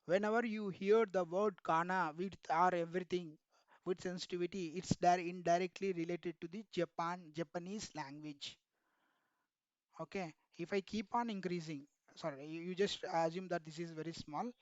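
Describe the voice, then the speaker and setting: A man leads an online technical class, pausing often to ask the students questions and calling them sir. His voice sits high and comes across smooth and resonant. The sound is dry and muffled. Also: steady tone, no echo. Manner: repeatedly quizzes students, addresses them as sir. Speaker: instructor.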